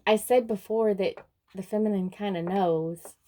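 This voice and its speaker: A woman giving a casual spoken tarot reading, unhurried and musing, often breaking into soft laughter. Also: medium pitch, steady tone. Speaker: tarot card reader.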